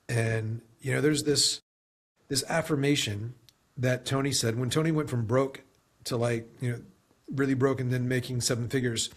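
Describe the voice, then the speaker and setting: A man with a husky, breathy edge to his voice speaks as a podcast guest in a mid-pitched voice. He talks in a loose, reflective way and keeps circling back with "you know". It sounds like a conversational interview. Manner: reflective and rambling, heavy use of "you know". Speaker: podcast guest, sales leader.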